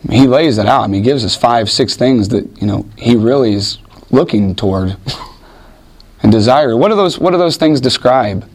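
A man's voice: mid-range voice, lively intonation, moderate pace, darkish tone. A man preaching a sermon in a conversational way, reading scripture aloud and acting out the voices in it. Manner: conversational, acts out voices in Bible stories. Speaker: pastor.

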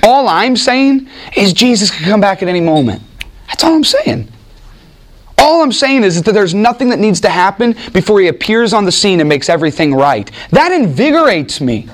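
A man leads a church study group, telling stories and acting out what people said to him. His voice sits a little high for a man. He talks in an animated, off-the-cuff way and often breaks off and restarts his sentences. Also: normal speed. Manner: animated, with frequent restarts and acted-out quotes. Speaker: Bible teacher. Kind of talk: informal teaching talk with anecdotes.

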